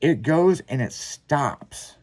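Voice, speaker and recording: A man hosting a podcast, telling a long story in casual, profanity-laced chat with lively, rambling delivery. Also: fairly high pitch, slow pace. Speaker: podcast host.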